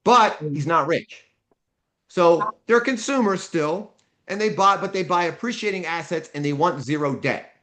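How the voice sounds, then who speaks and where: A man leads a live class in a slightly higher voice. He lectures bluntly and keeps quizzing the room, then answers his own questions. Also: expressive, moderate pace, hardly any pauses, bright, forceful tone. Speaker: seminar instructor.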